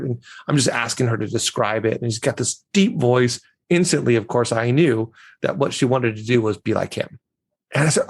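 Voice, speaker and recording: A man with a gravelly, fry-touched voice at a middle pitch talks as a communication coach on a podcast. He tells stories and acts out the people in them, his voice jumping up in pitch for the quoted lines. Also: brisk. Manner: storytelling, acts out quoted dialogue with lively jumps in pitch. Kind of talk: conversational interview answers.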